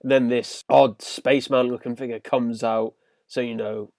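A man's voice: medium pitch, little pitch movement, normal speed, creaky, a little mellow, no room sound, studio quality. A man hosting a podcast and recapping a cartoon episode enthusiastically, with many ums and you-knows. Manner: enthusiastic recapping, filler-heavy. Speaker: podcast host. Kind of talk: casual episode review.

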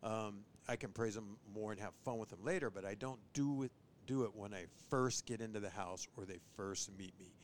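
Animated man talking dog training. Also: moderate pace, few pauses, slight background noise. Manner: animated, mimics owners and dogs in a high voice. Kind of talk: casual podcast chat.

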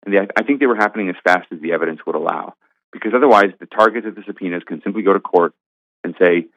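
A man with a very deep voice makes his case firmly and emphatically as a guest commentator. His voice is dry and tinny, as if coming down a phone line. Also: rapid-fire, fairly bright tone, dry recording. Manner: emphatic, argumentative. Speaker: guest commentator, senior editor. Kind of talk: political commentary interview.

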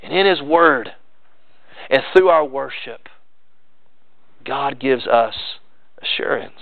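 A man's voice: mid-range voice, animated, slow, gravelly, no echo. Preaching man, tinny sound. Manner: earnest preaching with rising emphasis and conversational asides. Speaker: pastor. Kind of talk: sermon. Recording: dry tinny phone-like sound.

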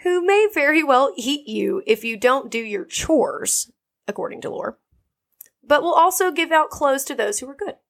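A woman's voice: high-pitched, expressive, moderate pace, vocal fry. A young woman co-hosting a podcast, chatting casually and animatedly, swearing freely and laughing often. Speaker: podcast co-host. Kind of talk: casual chat.

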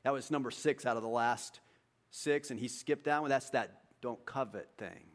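A man preaching a sermon in an animated way. He acts out dialogue with his congregation, and his voice jumps high and loud for emphasis, then drops quiet. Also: normal speed. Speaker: pastor.

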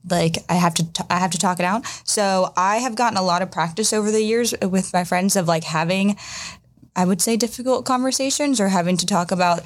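A woman co-hosting a podcast who talks candidly and emotionally in a casual chat. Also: mid-range voice. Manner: candid, emotional, quick to laugh. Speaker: podcast co-host.

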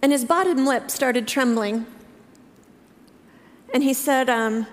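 A woman in her fifties preaching a sermon to her church, telling a personal story earnestly, with halting restarts. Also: fairly high pitch, steady tone. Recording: reverberant hall.

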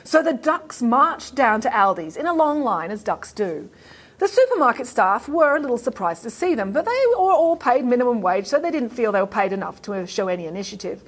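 An Australian woman tells a children's story in a playful, animated way. Her voice sits a little high and sounds breathy. Her pitch rises and falls widely. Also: brisk. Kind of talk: storytelling for kids.

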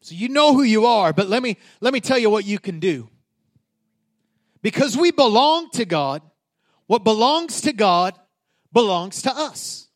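A man's voice: high voice, expressive, measured pace, long pauses. A middle-aged man, a pastor, preaching a conversational sermon that climbs to emphatic peaks.

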